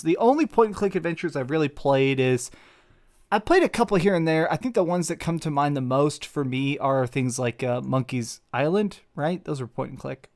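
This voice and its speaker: A man's voice: fairly high pitch, lively intonation, normal speed, darkish tone. A young man hosting a casual live stream, reading super chats with joking, self-mocking rambling. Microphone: desk mic with face cam.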